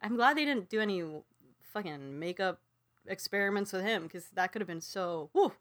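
Bright animated woman guest. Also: mid-range voice, moderate pace. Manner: animated, laughs often. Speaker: podcast guest. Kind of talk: casual movie chat.

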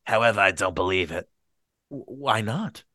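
A man's voice: fairly low pitch, lively intonation, moderate pace, sharp tone, dry recording, clean studio sound. A man doing a cool, offhand society woman. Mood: dismissive.

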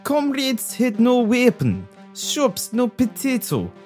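A man voicing a solemn KGB agent narrating his mission slowly and dramatically in a put-on Russian accent that drops its articles. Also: very high-pitched, wildly swooping pitch, darkish tone, soft background music, pitched above the performer's own voice, heavily acted. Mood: dramatic. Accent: put-on Russian, dropping articles. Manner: slow, dramatic, halting.

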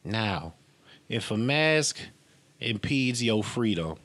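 A man hosting a podcast in a mocking, incredulous comedic rant, laughing often and jumping up high on repeated exclamations. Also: very animated, slow pace, a bit bright. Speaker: podcast host. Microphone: camera and mic at home.

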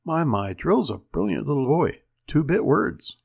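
A man voicing an amused, patient mother who gently teases her child with mock seriousness. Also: on the high side, sing-song, measured pace, vocal fry, slightly rough, exaggerated voice. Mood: teasing.

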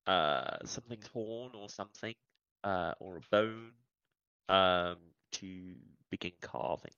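A man playing a tabletop game, hesitant and halting as he describes what his character does. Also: low voice, pushed and bright, smooth, no echo. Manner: hesitant, halting, many fillers. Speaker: player. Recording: dull dry mic.

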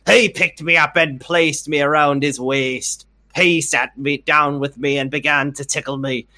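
A grumbling male pirate reads in a bright, clear voice, as a man puts him on. He drops in growled pirate noises. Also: fairly high pitch, fairly even intonation, a little slow, heavily acted. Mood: gruff. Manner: growled interjections, then plain reading.

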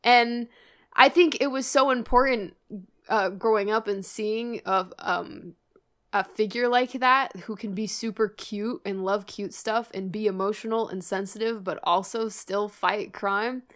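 A young woman with a bright, ringing voice chats casually on a podcast. She gushes and giggles, dropping casual swears along the way. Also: mid-range voice, fairly even intonation, unhurried. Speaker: podcast co-host. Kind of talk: casual chat.

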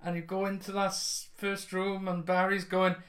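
A man's voice: sits high, monotone, normal speed, fairly bright tone. Laughing, self-mocking man. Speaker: podcast co-host. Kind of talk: casual chat.

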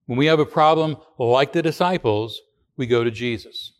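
A man's voice: mid-range voice, normal speed. A man giving a radio sermon as pastor, talking in a conversational way with rhetorical questions and frequent restarts.

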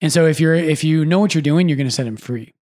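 Animated priest talking fast. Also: male voice, a little high. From United States. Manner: animated, quick asides, self-correcting. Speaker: priest and podcast host. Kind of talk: casual podcast chat.

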